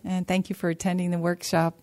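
Earnest, halting woman giving a testimony. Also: lowish voice, monotone, darkish tone. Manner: halting and repetitive, with many restarts and hesitant pauses; earnest, stresses key words by repeating them. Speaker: workshop speaker sharing her recovery story. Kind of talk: personal testimony at a support-group meeting. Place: meeting room at a workshop.

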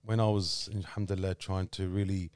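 Man guest, low voice, dry close sound, rambling storyteller with lots of fillers. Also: little pitch movement, brisk, darkish tone, smooth, no room sound. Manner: rambling, many fillers and restarts. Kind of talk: casual conversation, personal storytelling.

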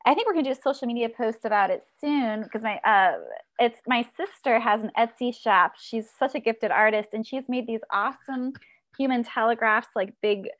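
A woman's voice: on the high side, normal speed, a bit bright, dry recording. A woman speaking in a casual podcast interview, bubbly and rambling. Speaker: web series creator.

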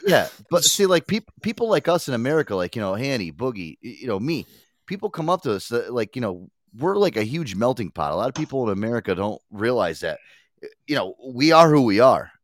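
A man's voice: medium pitch, very animated, fairly quick, dry recording. A man hosting a radio show in casual, profane, rambling chat, laughing often.

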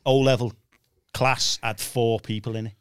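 A middle-aged man telling school stories in a casual chat, animated and laughing. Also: mid-range voice, moderate pace, clear, resonant tone, no echo, studio quality. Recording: background noise.

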